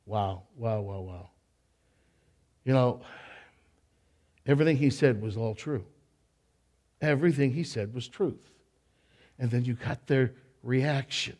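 A man preaching a sermon to a congregation in church, animated, repeating his words and tossing in joking asides. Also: mid-range voice, takes it slowly, pauses often. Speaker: pastor.

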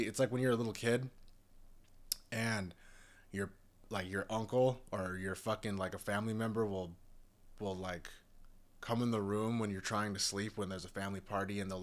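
Young man, lowish voice, rambling exasperated rant full of swearing. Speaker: commentator. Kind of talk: casual rant.

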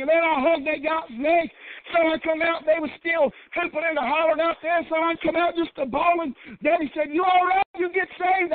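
A middle-aged man preaching a Baptist sermon in a fervent cadence that builds to shouting. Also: extremely high pitch, dry recording. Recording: dry, tinny phone-like church recording.

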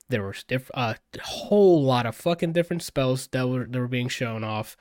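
A man's voice: medium pitch, a little mellow, dry recording, clean studio sound. A man in a casual podcast chat, gushing over a film he just saw, swearing freely and rambling with fillers. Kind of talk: casual movie review chat.

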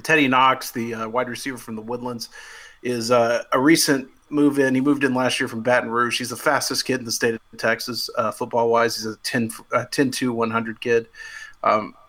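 A man with a bright, forward voice chats as a guest reporter. His talk is loose and hedging, with plenty of "you know"s and restarts. He keeps a mid-range pitch throughout. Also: flat delivery, normal speed. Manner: chatty, hedging with many fillers and restarts. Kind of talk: casual podcast chat.

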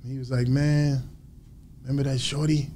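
A man as an interview guest, telling a story in a lively way and acting out other people's lines. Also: medium pitch, moderate pace, slight background noise. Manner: animated storyteller acting out quotes.

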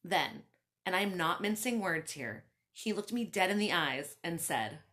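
A woman who hosts a podcast, reading her own story aloud with animated, laughing asides to her listeners. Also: fairly low pitch, unhurried. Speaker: author and podcast host.

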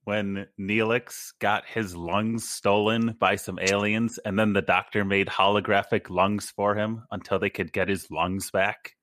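A podcast co-host in casual chat, dropping wry deadpan quips. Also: deep voice, measured pace, few pauses, dry recording.

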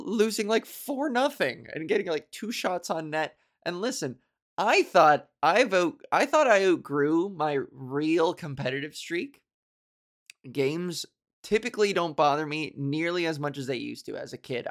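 A young woman hosting a solo podcast, chatting casually in a rambling, profane, self-mocking way and laughing often. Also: low-pitched. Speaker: podcast host.

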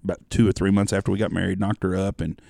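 Brief: male co-host, forties, low gravelly voice, rapid profane storytelling, dry sound. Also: level tone, mellow, no room sound. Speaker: podcast co-host. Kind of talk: casual chat.

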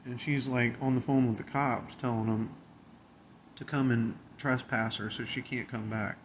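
A man's voice: mid-range voice, fairly even intonation, normal speed, slight background noise. A man who works at a convenience store telling a story in a blunt, profane, drawling way. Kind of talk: casual storytelling.

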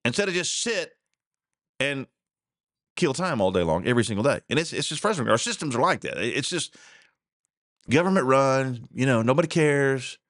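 A man's voice: mid-range voice, sing-song, normal speed, long pauses, a bit bright, no room sound, studio quality. A man hosting a casual solo news commentary show, rambling, repeating himself and chuckling along. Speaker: podcast host.

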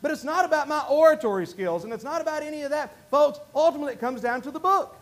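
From a church pulpit, a North Carolina pastor with a Southern drawl delivers a folksy, self-mocking sermon in a voice pitched unusually high. He talks fast, animated and down to earth, stumbling and restarting often, and the sound carries the feel of the church sanctuary.

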